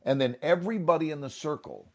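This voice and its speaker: A man, an improv teacher, explaining a game in a talk show conversation, at times chanting in rhythm. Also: on the high side. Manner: animated, rhythmic chanting and snapping; occasional coughs, pauses to sip water.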